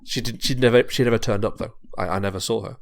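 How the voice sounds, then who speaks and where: Stammery guy assassin going on the defensive, a guy putting him on, lowish voice. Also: steady tone, creaky. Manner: stammering, hurried denial. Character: male spy-assassin, defensive and protesting. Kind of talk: podcast pitch, acted-out quote.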